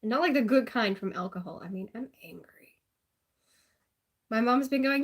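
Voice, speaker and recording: A woman's voice: on the high side, normal speed, pauses often. A woman with an Australian accent chatting casually and sarcastically on a live stream, laughing often.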